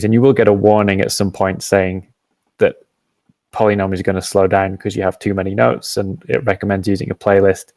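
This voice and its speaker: Low gravelly man walking through an app. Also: a little mellow, no echo. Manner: patient step-by-step explaining with frequent ums. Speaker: app developer hosting a live demo. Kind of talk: software demo and Q&A.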